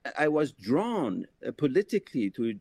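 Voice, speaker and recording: A male author being interviewed, telling memories in lively fashion with many fillers and restarts. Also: medium pitch, moderate pace, husky, no room sound. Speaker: author and guest. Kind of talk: reflective interview conversation.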